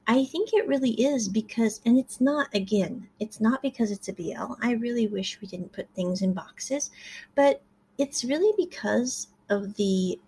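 A woman's voice: on the high side, a little slow, darkish tone, breathy edge. A woman hosting a podcast, casually recapping a drama series with rambling, self-correcting asides.

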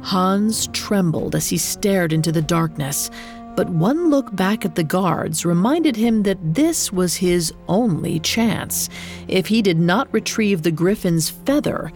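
A woman reading a story aloud in a steady, unhurried manner as its narrator. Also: on the low side, faint music behind. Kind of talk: scripted narration.

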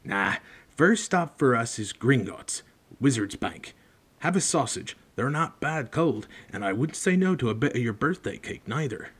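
A man reading the part of a big, gruff, friendly giant who talks in a folksy way, in a husky voice. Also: medium pitch, big pitch swings, moderate pace, fairly bright tone. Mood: cheerful. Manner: folksy, dropped words.

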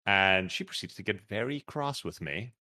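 A man's voice: on the low side, lively intonation, normal speed, bright, forceful tone, dry recording, clean studio sound. A young man from Serbia, a podcast guest, telling stories in a wry, matter-of-fact way. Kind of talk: casual interview chat.

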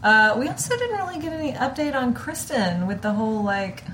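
A woman's voice: fairly high pitch, expressive, a little fast, fairly bright tone, a little hiss or hum. A woman co-hosting a podcast, chatting casually in a blunt, sarcastic way. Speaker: podcast co-host. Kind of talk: casual chat.

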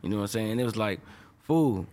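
With a lowish, darkish voice, a young adult man who makes music talks fast and animatedly during an interview. He's rambling and emotional, full of restarts and slang fillers.

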